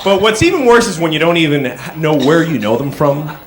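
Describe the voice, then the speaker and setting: A man doing a stand-up comedy routine on stage, telling conversational stories and breaking into sudden shouted bits, recorded live in a club with audience laughter. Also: on the high side, big pitch swings, a little fast.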